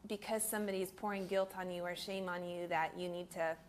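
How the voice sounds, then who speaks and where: A woman's voice: lowish voice, steady tone, fast talker. Earnest woman guest sharing reflections. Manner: earnest, reflective, laughs easily. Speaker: guest, recording artist. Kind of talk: interview conversation. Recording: faint background noise.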